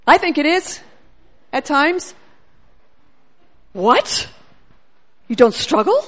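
A middle-aged woman preaching a sermon, telling a story with animated delivery and speaking prayers aloud. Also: sits high, takes it slowly, long pauses.

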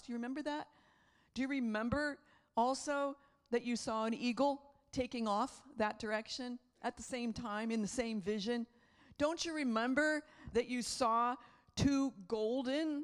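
Impassioned woman preaching. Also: a little high. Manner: impassioned, rising to shouts, repeating phrases. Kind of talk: charismatic sermon.

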